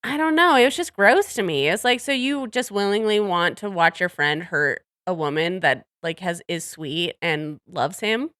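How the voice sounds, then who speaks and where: A woman's voice: lowish voice, animated, moderate pace, hardly any pauses, fairly bright tone, dry recording, studio quality. A woman co-hosting a podcast in casual chat, chatty and laughing often, trailing off mid-thought. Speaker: podcast co-host.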